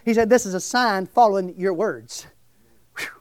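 A middle-aged man, preaching a testimony sermon in a loud, exclamatory way, often shouting. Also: high-pitched, normal speed, no echo. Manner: shouting, exclamatory, breaks into laughs.

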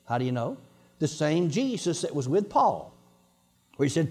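Lively high-voiced preacher. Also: male voice, normal speed, breathy edge. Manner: emphatic, repeats points with bursts of laughter. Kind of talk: sermon.

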